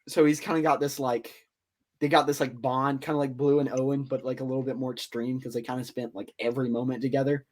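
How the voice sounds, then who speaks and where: A young man chatting casually on a podcast, telling movie ideas in an excited, rambling way full of fillers. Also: mid-range voice, quick pace. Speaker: guest.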